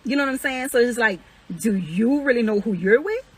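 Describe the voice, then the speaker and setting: A woman's voice: fairly high pitch, expressive, brisk, husky, poor audio. A young woman venting heatedly and profanely, indignant and repeating herself. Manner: indignant, repetitive, swears constantly, rising to incredulous peaks. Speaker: woman airing accusations against an ex.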